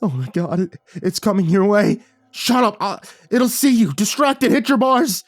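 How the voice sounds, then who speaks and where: A man's voice: high voice, expressive, normal speed, no echo, soft background music, pitched above the performer's own voice. A man doing a terrified trapped prisoner. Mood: panicked. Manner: panicked, pleading. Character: terrified trapped male prisoner begging for help.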